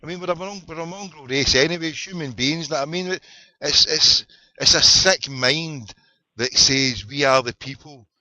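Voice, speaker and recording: A man's voice: on the high side, normal speed, sharp tone. A middle-aged Glaswegian man hosting an internet radio show, chatting casually, rambling, swearing and repeating his words. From Scotland. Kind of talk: casual phone-in chat. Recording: dull lo-fi audio.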